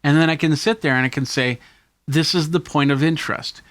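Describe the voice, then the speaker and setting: A man's voice: on the high side, fairly even intonation, fairly quick, fairly bright tone, dry recording. Casual man showing off camera gear. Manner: casual, enthusiastic show-and-tell. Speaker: tech video host. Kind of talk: hands-on gear demonstration.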